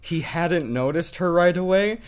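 A young man co-hosting a podcast, telling stories in a lively, laughing way and swearing casually. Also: high-pitched, a little slow, clear, resonant tone. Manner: animated storyteller, laughs a lot, swears freely. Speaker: podcast co-host.

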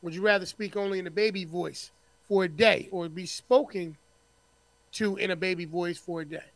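A man's voice: sits high, fairly even intonation, dry recording. A man from New Jersey co-hosting a podcast, easygoing, reading out questions in casual banter. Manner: easygoing, reads questions slowly. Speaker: podcast co-host.

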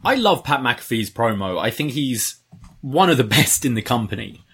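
A man's voice: mid-range voice, very animated, normal speed, a bit bright, breathy edge. A man co-hosting a wrestling review podcast, chatting casually and wryly critiquing the show with jokes. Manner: critical, joking, wry.

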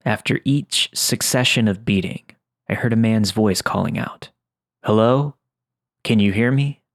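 Man, horror story narrator, low gravelly voice, dry close sound, measured read. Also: dry recording. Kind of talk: scripted first-person horror narration.

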